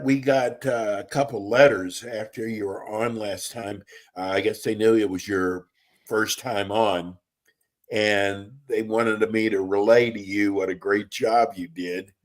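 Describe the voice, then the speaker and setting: Folksy low-voiced male talk show host. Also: steady tone, a little slow. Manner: chatty, folksy, loses his train of thought. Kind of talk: live radio talk show chat. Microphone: remote call with a bad connection.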